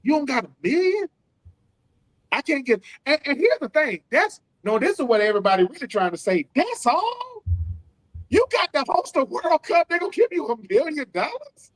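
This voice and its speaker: A man in his forties, a former football player co-hosting a casual sports podcast, talking in animated, slangy bursts and acting out what other people said. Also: very high voice, moderate pace, rough recording. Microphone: streamed remote call.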